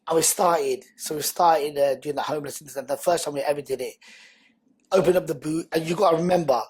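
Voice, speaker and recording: A man, a guest on a podcast, telling his life story in an earnest, animated, conversational way. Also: fairly high pitch, brisk, slightly rough. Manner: animated, earnest, acts out quoted speech loudly.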